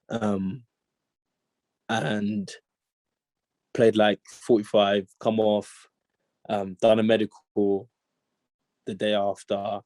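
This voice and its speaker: A young man telling a story as an interview guest, animated and full of slang, acting out the lines of the people in it. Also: lowish voice, no room sound. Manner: animated slang-heavy storytelling, acts out quotes. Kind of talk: casual storytelling chat.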